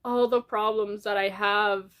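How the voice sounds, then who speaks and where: A woman's voice: medium pitch, steady tone, fairly bright tone, clear, resonant tone. Tearful young woman rambling to camera. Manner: rambling, halting, frequent restarts and fillers. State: tearful, crying. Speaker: vlogger. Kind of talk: casual diary vlog. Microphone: camera in front of her.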